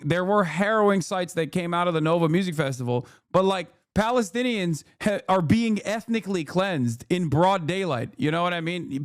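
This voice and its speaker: A man's voice: high voice, no echo, clean studio sound. A man streaming, giving blunt, heated political commentary in a casual way with plenty of swearing.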